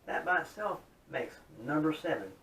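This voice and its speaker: A man's voice: animated, moderate pace, pushed and bright. A man in a casual, folksy demo talk, chatty and upbeat as he shows off his modified guitar. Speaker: guitar hobbyist showing his modded guitar. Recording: roomy, distant mic with faint rumble.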